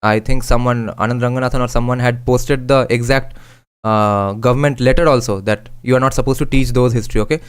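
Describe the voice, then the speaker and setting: A man with an Indian accent talks through a book as a channel host, reading passages aloud and breaking off with quick remarks of his own. His voice is clean and smooth, sitting at an ordinary middle pitch. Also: fairly even intonation. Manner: reads passages then adds quick remarks, switching into Hindi. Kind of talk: casual commentary and reading aloud.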